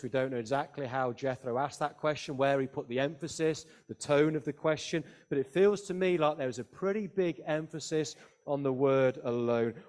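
A man preaching a sermon, reading scripture aloud and explaining it with deliberate emphasis. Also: medium pitch, darkish tone. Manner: slow, deliberate expository preaching with emphatic rises.

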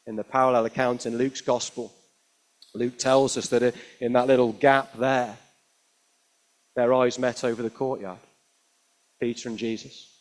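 A man delivers a sermon in a mid-pitched voice, retelling a scripture passage as an expressive story. He swings between emphatic, raised passages and quiet, hushed lines. He often draws the listeners in with rhetorical tag questions. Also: unhurried, long pauses. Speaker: preacher.

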